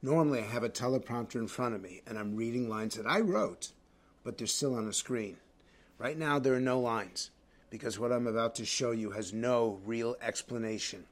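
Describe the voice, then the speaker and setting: A middle-aged man hosting a focus group. He is calm and earnest when narrating and turns loud and scolding when he steps in. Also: mid-range voice, moderate pace. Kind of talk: moderating a heated group discussion.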